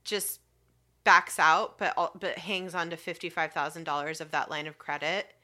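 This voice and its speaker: Woman, lowish voice, bright tone, casual storytelling, swears a lot. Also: steady tone. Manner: profane, laughing, fast retelling with acted quotes.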